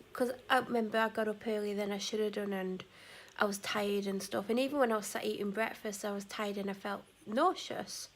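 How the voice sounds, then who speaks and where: Woman, vlogger, weary chatty ramble with a gravelly edge. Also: mid-range voice, a bit bright. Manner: meandering, self-correcting, drops to near-whispers at times. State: tired. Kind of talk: casual rambling vlog chat.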